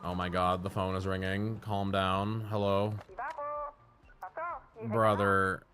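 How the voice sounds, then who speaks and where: A man's voice: sits low, flat delivery, slow pace. A man streaming live, telling rambling, profane stories in casual chat.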